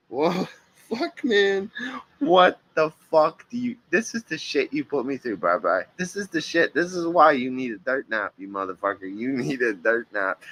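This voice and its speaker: Guy ranting over clips, swears a lot, sarcastic and mocking, bright punchy voice. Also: medium pitch. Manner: profane, sarcastic, taunting. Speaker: reaction video host.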